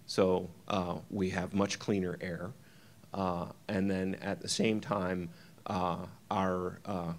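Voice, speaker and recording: A man giving a conference keynote, talking through slides with many ums and uhs. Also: sits low. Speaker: keynote speaker.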